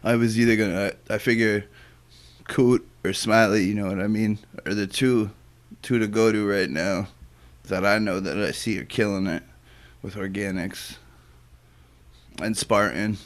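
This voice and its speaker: A man's voice: on the low side, fairly even intonation, measured pace. A man chatting as a podcast guest, easygoing and rambling with lots of "you know what I mean.". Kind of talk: casual chat.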